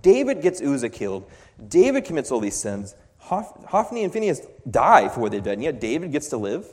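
Male preacher, sermon, impassioned, very lively pitch, long hall echo. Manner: impassioned, swings from quiet to loud emphasis.

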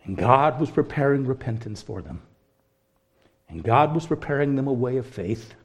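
Male preacher in a sermon, earnest, goes loud and fervent then quiet and prayerful. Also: mid-range voice, lively intonation, normal speed, slightly rough. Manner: earnest, rising to loud impassioned peaks then dropping to hushed prayer.

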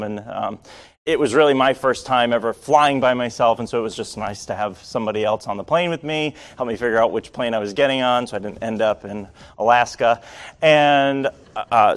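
A man from Rhode Island tells a personal story to a listening crowd, with wry, self-deprecating humor. His voice sits at an ordinary middle pitch, and he keeps the telling lively. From Rhode Island, USA. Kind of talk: storytelling to an audience.

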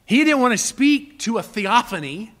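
A man preaches to his congregation, his voice pitched high and ringing bright. He moves through the text with emphatic, dramatic delivery, pausing to act out the words of those he quotes. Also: big pitch swings. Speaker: pastor. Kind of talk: expository sermon.

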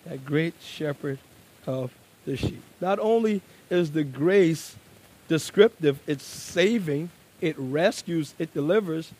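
In this sermon, a male preacher goes soft and low, then swells into emphatic, booming outbursts, lingering slowly over important words.

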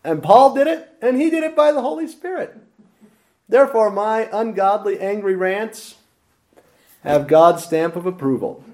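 A man preaching a lively expository sermon with dramatic emphasis. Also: high-pitched, unhurried.

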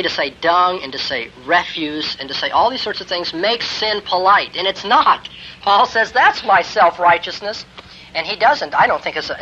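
An emphatic male lecturer with a bright, forceful voice, pitched a little high. He drives his points home with rising, forceful emphasis. The recording is a dull, lo-fi tape with a faint hiss. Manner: emphatic, builds to forceful exclamations. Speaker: theology lecturer. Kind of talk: classroom lecture on Christian ethics.

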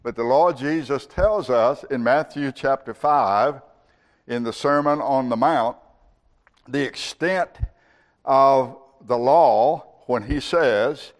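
A man's voice: mid-range voice, slow pace. A man preaching a sermon as a pastor, reciting scripture and speaking God's words in the first person.

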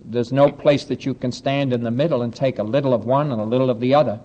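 A man preaching a sermon, earnest and steady, slowing down to read scripture aloud and adding light asides to his congregation. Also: medium pitch, muffled recording. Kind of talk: sermon with Bible reading.

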